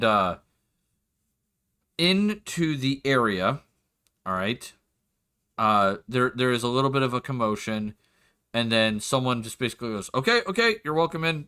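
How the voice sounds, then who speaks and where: A man's voice: medium pitch, bright, forceful tone, clean tone. A man narrating as game master of a tabletop game, rambling and correcting himself as he goes. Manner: rambling, laughs and self-corrects.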